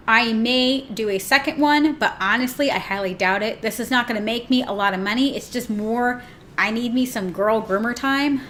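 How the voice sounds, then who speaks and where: A woman's voice: a little high, fairly bright tone, a little hiss or hum. A woman hosting a podcast for pet groomers, talking in a chatty, upbeat, informal way. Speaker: podcast host and pet-grooming business coach. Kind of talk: casual monologue.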